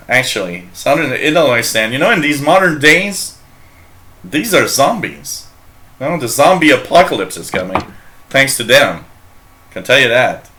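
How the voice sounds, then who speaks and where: A man's voice: mid-range voice, bright, forceful tone. A man from Canada hosting a live shortwave radio show, chatting in a rambling, jokey way, reading out chat messages and laughing often.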